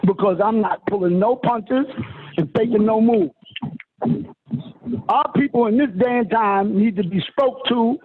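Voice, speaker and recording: High-voiced man preaching over a phone line. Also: unhurried. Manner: emphatic, sweeping pitch, calls listeners honey and sister. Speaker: self-styled spiritual teacher. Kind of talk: preaching lecture on a phone call. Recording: tinny phone line with faint hiss.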